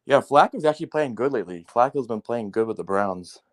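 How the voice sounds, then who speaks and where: Brisk and mid-range in pitch, a man rants heatedly and casually about sports. He curses frequently and animatedly, relying on fillers such as "like" and "man".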